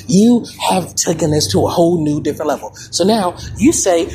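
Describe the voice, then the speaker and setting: A woman's voice: fairly low pitch, lively intonation, fairly quick, background noise. A woman doing an improvised comedy rant as a head of state, indignant and lecturing, rambling with many stammered restarts.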